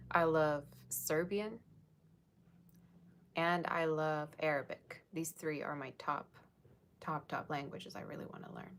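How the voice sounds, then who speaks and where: A woman's voice: lowish voice, fairly bright tone, a little hiss or hum. A woman giving a casual, rambling livestream tarot reading, chatting with viewers and thanking them by name. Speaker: tarot reader.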